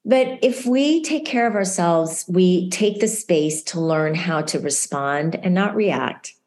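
A woman guest speaking in casual conversation, animated and earnest, giving encouraging advice. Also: fairly low pitch, slow pace. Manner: animated storyteller, quotes others vividly. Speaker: guest author.

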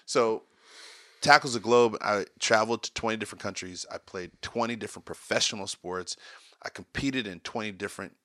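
A middle-aged man telling stories in a casual conversation, animated and excitable. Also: fairly low pitch, brisk, dry recording, studio quality. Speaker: guest. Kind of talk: casual podcast storytelling.

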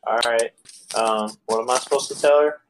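A man's voice: medium pitch, moderate pace, background noise. A man playing in a tabletop game, chatting casually and laughing playfully. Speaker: player.

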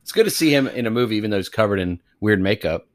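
Low-voiced man with wry, sarcastic asides. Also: animated, racing, no echo. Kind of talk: casual movie podcast chat.

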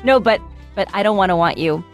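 A woman's voice: medium pitch, a little fast, faint music behind. An American woman, a singer-songwriter and voice actress, chatting casually as an interview guest and acting out what others said. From United States. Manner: animated storyteller, acts out quotes.

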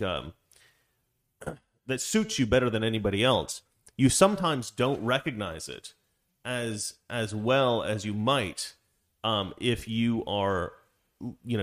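A man co-hosting a casual livestream chat, rambling with many fillers and restarts. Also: medium pitch. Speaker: livestream co-host.

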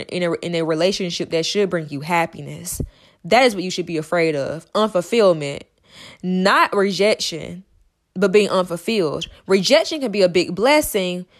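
A young woman hosting a podcast, talking fast and emphatically in a monologue, repeating herself and stumbling over words. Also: fairly low pitch. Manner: emphatic and repetitive, fast with stutters. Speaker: podcast host.

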